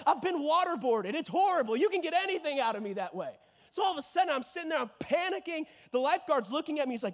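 A young man in his twenties preaching a sermon, telling a lively story and acting out voices, rising to shouts at the peaks. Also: extremely high pitch, fast talker. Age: 20s.

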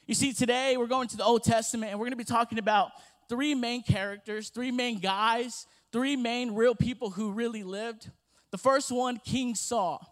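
A young man preaching a sermon, telling a family story with lively voices before moving into scripture. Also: high voice.

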